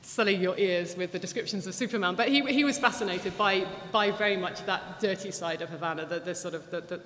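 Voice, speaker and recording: Female guest speaker, lively storyteller, echoey hall sound. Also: fairly low pitch, brisk. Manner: chatty, animated, many restarts and fillers. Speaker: guest speaker at a public talk. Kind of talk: anecdotal lecture with audience Q&A. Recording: echoey hall, faint background noise.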